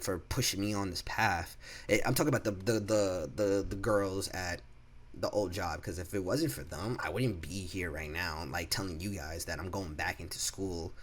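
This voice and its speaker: A man's voice: low-pitched, fairly bright tone. A young man in his twenties casually telling a storytime vlog from home, profane and stumbling over repeated words. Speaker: vlogger. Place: home room.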